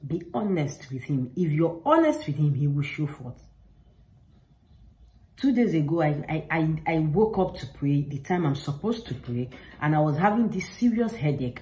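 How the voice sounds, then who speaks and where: A faith vlogger addresses the camera with sincere, informal guidance, saying things more than once for emphasis. She has a warm, low-pitched voice, though the recording is of low quality.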